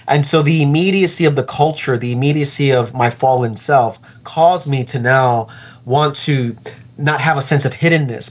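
An earnest man in the middle of his range, talking as a pastor in a relaxed interview. He is reflective and unhurried, and he slows right down whenever he wants a point to land. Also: mid-range voice.

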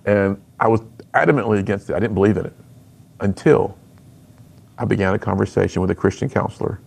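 Gravelly, husky middle-aged man. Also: lowish voice, quick pace, darkish tone. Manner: earnest, emphatic storytelling. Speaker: speaker and author. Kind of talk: personal testimony in an interview.

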